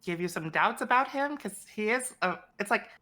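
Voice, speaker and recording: A woman's voice: medium pitch, animated, moderate pace, bright, forceful tone. A woman co-hosting a casual book club chat, musing thoughtfully and leaning on filler words.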